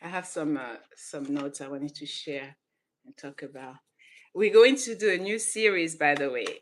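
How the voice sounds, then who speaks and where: A woman from Senegal who grew up in southern France hosts her own channel and talks casually to camera. She gets animated, laughs often and restarts her sentences. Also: low-pitched, normal speed, slight background noise. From Senegal, raised in southern France. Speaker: channel host.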